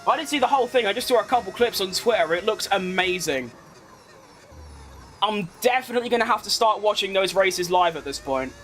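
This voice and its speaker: A man giving excitable live commentary while playing a racing game, exclaiming at close moments. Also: sits high, fairly quick, faint music behind. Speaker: gaming streamer.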